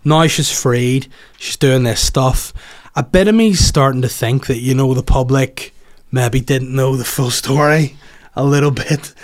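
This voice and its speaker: A man hosting a podcast in casual chat, rambling and animated, swearing freely and going off on tangents. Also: medium pitch, a little slow. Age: adult, has children. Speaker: podcast host.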